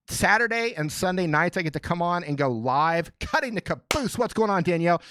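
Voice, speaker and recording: A man with a voice on the high side hosts a relaxed live Q&A stream from a small studio, captured on a dry recording. Full of excitement, he jokes and greets viewers by name.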